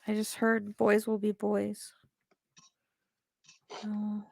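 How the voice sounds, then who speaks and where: Woman, psychic reading, gravelly edge to the voice, dry close sound, hesitant and rambling. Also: mid-range voice, completely flat delivery, extremely slow, a little mellow, dry recording. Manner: hesitant, rambling with many fillers. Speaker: psychic medium.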